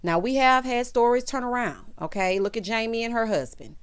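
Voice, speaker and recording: A woman's voice: on the high side, brisk, clean tone, dry recording. Sassy woman recapping reality TV. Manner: sassy, animated, calls listeners honey and baby. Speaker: TV recap host. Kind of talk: casual reality TV recap commentary.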